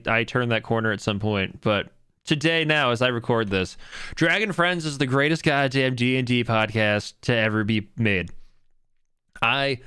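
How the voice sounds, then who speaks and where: Podcast co-host, male, bright crisp voice, rambling and profane. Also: medium pitch, no room sound, clean studio sound. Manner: rambling, lots of fillers and "like"; profane, enthusiastic. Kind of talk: casual chat.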